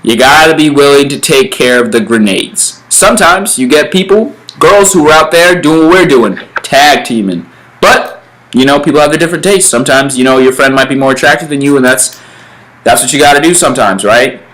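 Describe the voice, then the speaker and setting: A man's voice: medium pitch, expressive, fairly quick, a bit bright, low-quality recording. Laid-back young man giving bro advice. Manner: laid-back bro talk, filler-heavy, acts out little scenes. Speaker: vlog host giving dating advice. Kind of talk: casual comedic advice vlog.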